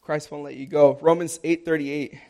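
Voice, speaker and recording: A man's voice: a little high, steady tone, normal speed, vocal fry, a little mellow. A young man preaching a sermon, earnest and emphatic, repeating key lines for stress.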